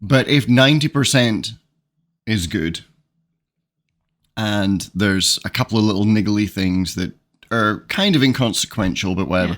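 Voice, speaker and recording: Low-voiced thoughtful man podcaster. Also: unhurried, long pauses, a bit bright. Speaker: podcast co-host. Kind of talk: casual conversation.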